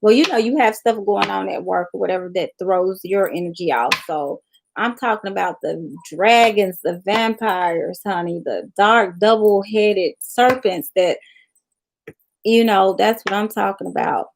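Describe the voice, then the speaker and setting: A middle-aged woman from Memphis talks in a loose, folksy Southern drawl, reading her viewers' comments on a live tarot stream. Her voice has a gravelly, fry-laced edge at a middling pitch. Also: unhurried, a little hiss or hum. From Southern United States. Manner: folksy, reads viewer comments aloud and addresses them as y'all and honey. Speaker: tarot reader on a livestream. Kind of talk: casual livestream chat with viewers.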